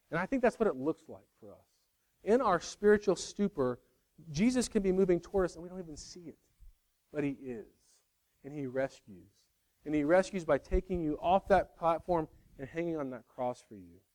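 A man preaching a sermon in an earnest way, moving between raised, emphatic lines and hushed, quiet ones. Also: on the high side. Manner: earnest, swings from loud to hushed. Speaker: pastor.

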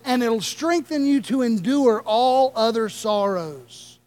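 A man preaching a sermon as pastor, with impassioned delivery and dramatic slow pauses. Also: very high-pitched, darkish tone, smooth. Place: church sanctuary.

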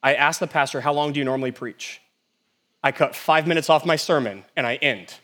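A middle-aged man, a pastor, preaching an animated sermon, swinging between loud and hushed and asking the congregation many rhetorical questions. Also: fairly high pitch, brisk.

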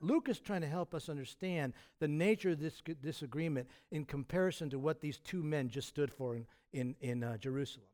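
Animated, fairly high-voiced male preacher. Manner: animated preaching with sudden loud emphatic peaks and acted quotes; conversational, with fillers and restarts. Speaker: pastor. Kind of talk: sermon.

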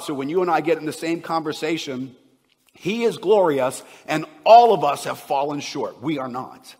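A man preaching a sermon as a pastor, swinging between loud emphasis and hushed, near-whispered asides. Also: a little high, lively intonation, normal speed, slightly rough, big-room sound.

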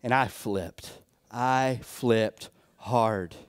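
A man's voice: mid-range voice, drawn-out words, smooth. A young adult man, a pastor, telling his own story in a sermon, in a loose conversational way full of fillers and restarts. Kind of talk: sermon testimony.

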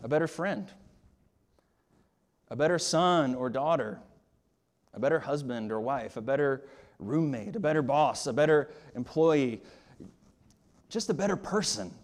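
A man's voice: medium pitch, lively intonation, unhurried, pauses often. A man preaching a sermon, pressing his points with rhetorical questions and often repeating words as he starts a phrase. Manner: emphatic, with rising and falling emphasis and rhetorical questions. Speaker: pastor.

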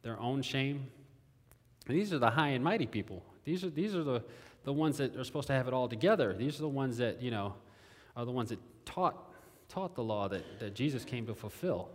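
Male pastor, mid pitch, chatty sermon delivery with repeated phrases, long hall echo. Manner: conversational, repeats phrases, asks the audience questions.

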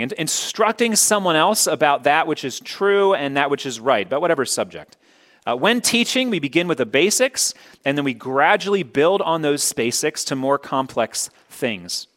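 A man's voice: on the high side, fairly bright tone. A male pastor preaching a sermon, stressing his points by repeating key words.

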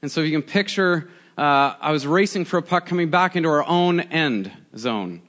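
A man in his forties, a pastor giving a conversational, animated sermon with prayer and storytelling. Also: on the high side, moderate pace. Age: 40s.

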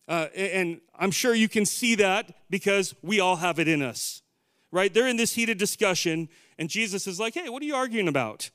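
A man's voice: high-pitched, a bit bright, smooth, dry recording, studio quality. A man preaching a sermon to his congregation in a conversational way, with playful asides. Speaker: pastor.

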